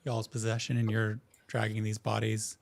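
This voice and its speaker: A man narrating as game master in a tabletop game, relaxed and easygoing, with frequent hesitant fillers. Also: on the low side, moderate pace, creaky, a little hiss or hum.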